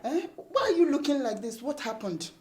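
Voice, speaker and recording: An actress playing an anxious woman who protects a troubled friend and keeps pleading with him to calm down. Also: sits high, normal speed, slight background noise. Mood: alarmed. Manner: pleading, soothing.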